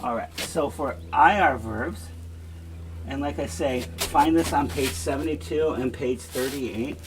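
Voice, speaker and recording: A man teaching a Spanish class, slowly repeating verb forms for students to echo. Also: medium pitch. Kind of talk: classroom lesson with drills.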